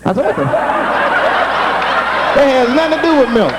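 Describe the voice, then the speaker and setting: High, animated young man doing stand-up. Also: moderate pace, very noisy. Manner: animated storytelling, slipping into character voices. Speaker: stand-up comedian. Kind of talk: stand-up comedy set. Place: comedy club stage. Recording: live comedy taping with audience. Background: crowd laughter.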